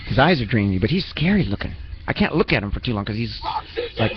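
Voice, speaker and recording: A man's voice: mid-range voice, big pitch swings, fairly quick, lo-fi sound, music in the background. A man hosting a radio show in a rambling, self-mocking comedic manner, full of restarts and asides. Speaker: radio host.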